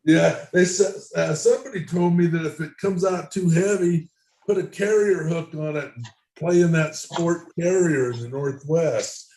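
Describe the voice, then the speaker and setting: A man's voice: fairly high pitch, normal speed, darkish tone. A man chatting easily on a video call from his home workshop, rambling a little as he talks shop. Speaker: hobbyist guest. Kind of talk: casual video call chat. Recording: echoey workshop room.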